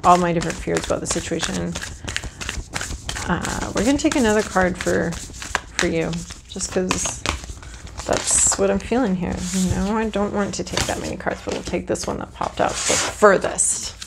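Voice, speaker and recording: A woman's voice: lowish voice, normal speed, vocal fry, background noise. A woman reading tarot cards to camera in a casual, frank, chatty way, thinking aloud as she draws. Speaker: tarot reader.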